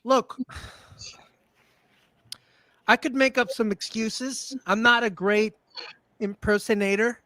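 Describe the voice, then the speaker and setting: A man performing a comedy sketch as an indignant, self-important character who speaks in deadpan. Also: high-pitched, slow, long pauses, no echo.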